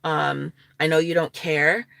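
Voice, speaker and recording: A woman vlogger talks to her viewers in an unhurried, chatty way, opinionated and often breaking into laughter. Her voice sits a little low for a woman. The sound is close and dry, with no room around it. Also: level tone, gravelly, fairly bright tone, dry recording. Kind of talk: casual talking-head vlog.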